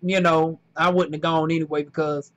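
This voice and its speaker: A woman's voice: low-pitched, level tone, normal speed, muffled recording. A woman vlogger talking casually to camera about her new job, rambling a little with fillers and restarts.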